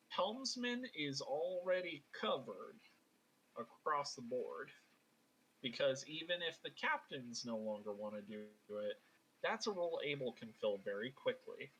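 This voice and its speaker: A man's voice: medium pitch, sharp tone, slight background noise, low-quality recording. A man running a tabletop role-play stream as game master, with a playful, bantering manner.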